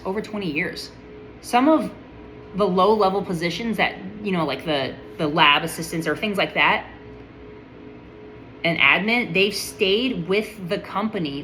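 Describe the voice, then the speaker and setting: Bright-voiced woman in an eager monologue. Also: fairly low pitch, rough recording. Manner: enthusiastic, admiring, with frequent restarts. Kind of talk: casual spoken monologue.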